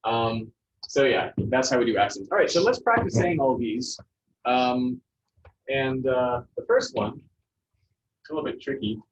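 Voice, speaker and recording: A man's voice: mid-range voice, expressive, unhurried, long pauses. A man teaching a Spanish class, explaining patiently with many fillers and restarts. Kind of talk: classroom lesson. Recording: dull lo-fi classroom recording with faint noise.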